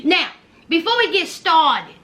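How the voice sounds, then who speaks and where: A woman vlogger giving loud, animated gossip commentary and calling viewers child and honey. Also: very high voice, unhurried.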